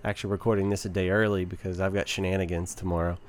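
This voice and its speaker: A man's voice: sits low, flat delivery, racing. A man from Texas with a Southern accent, hosting a casual podcast chat in a joking, easygoing way. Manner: joking, easygoing, reads ads loosely. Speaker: podcast host.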